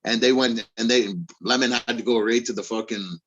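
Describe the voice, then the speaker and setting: A man talking in a casual podcast chat about arm wrestling, profane, excitable and emphatic. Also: medium pitch, fairly quick, muffled recording.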